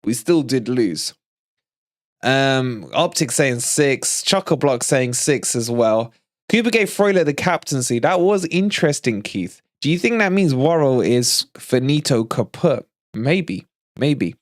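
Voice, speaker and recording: A man's voice: medium pitch, measured pace, dry recording, studio quality. Teasing man hosting a live stream. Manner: animated, teasing, laughs often. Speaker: fan channel livestream host. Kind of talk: casual live-stream chat.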